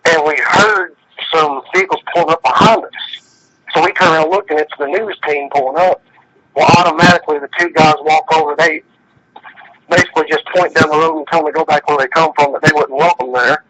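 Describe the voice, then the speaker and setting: A man's voice: a little high, steady tone, a little fast, sharp tone, slight background noise, low-quality recording. A man telling a story in casual, plainspoken talk, retelling dialogue line by line. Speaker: guest storyteller.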